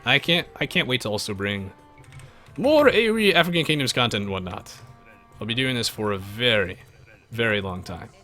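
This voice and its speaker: Faint music plays behind a man's mid-range voice as he live-streams a strategy game. He talks at a normal speed, chatting animatedly with viewers, reading their messages and hopping between them and the game.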